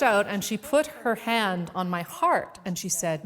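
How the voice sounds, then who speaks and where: A woman speaker telling a personal story to a live audience in a playful, animated way, acting out the voices in it. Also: medium pitch, measured pace, hardly any pauses, big-room sound. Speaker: keynote speaker. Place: event venue with a live audience.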